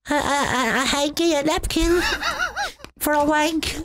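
A man putting on a high, crude, foul-mouthed mother's voice for a gag, slow and swooping, with loud noise over the recording. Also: animated, heavily acted. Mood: crude abusive.

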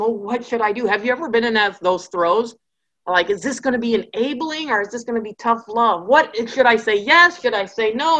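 A woman's voice: fairly high pitch, sharp tone. A woman giving a conversational Bible study lecture, with joking asides and acted-out characters.

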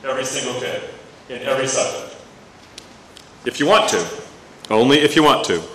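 A man giving a lively presentation to a room of teachers, telling stories and putting questions to the audience. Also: mid-range voice, normal speed. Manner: animated storytelling, asks the audience questions. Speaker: education speaker. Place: meeting room or hall with an audience. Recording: echoey room, distant mic, faint ambience.

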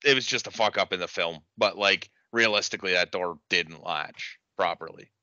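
A man's voice: low voice, normal speed, sharp tone, no room sound, dull audio. A man co-hosting a podcast, chatting casually about a movie and laughing often. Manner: laid-back, laughing, swearing. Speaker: podcast co-host.

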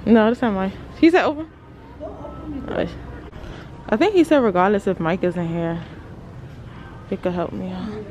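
A young woman vlogging to a phone camera in a casual, animated way, talking straight to her viewers. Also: mid-range voice, normal speed, long pauses, a little hiss or hum. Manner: chatty, animated, lots of "like" and "y'all". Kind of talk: casual vlog chat to camera. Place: car then indoor car showroom.

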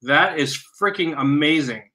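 A man opening trading cards on a live stream from home, talking excitedly and exclaiming in breathless bursts. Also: fairly high pitch, unhurried, a crowd in the background, rough recording.

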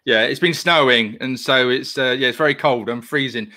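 Bright-voiced chatty male host. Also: medium pitch, normal speed. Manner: chatty, rambling, laughs often. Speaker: host of a live online interview. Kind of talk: casual live-stream interview. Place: home, live video call.

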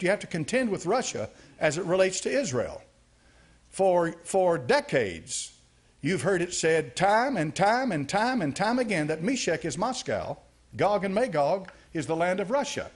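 A man's voice: high voice, big pitch swings, normal speed, slightly rough. A man preaching a sermon as a pastor, emphatic, driving points home with repeated phrases.

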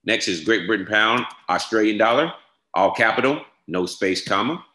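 A man giving a step-by-step software tutorial, repeating each instruction and checking in with "all right?". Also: on the low side, lively intonation, normal speed. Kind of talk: screen-share tutorial walkthrough. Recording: echoey room.

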